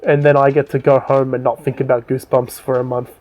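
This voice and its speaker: A man's voice: medium pitch, flat delivery, quick pace, darkish tone, a little hiss or hum. A man co-hosting a casual chat, animatedly retelling scenes and swearing freely. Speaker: podcast co-host. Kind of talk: casual chat recapping a book and show.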